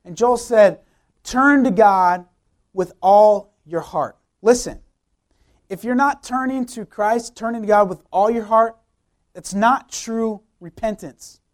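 A man's voice: high-pitched, slow pace. A young man, a youth pastor, preaching a sermon with emphatic repeated phrases and rhetorical questions.

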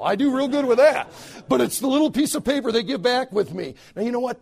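A middle-aged man preaching a sermon to fellow preachers, swinging between loud shouts and hushed, quoted lines. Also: sits high.

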